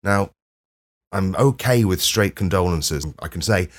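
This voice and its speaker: A man hosting a podcast, delivering a dry, self-mocking comic monologue with sudden loud outbursts. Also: sits low, measured pace. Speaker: podcast host. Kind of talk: comedic monologue.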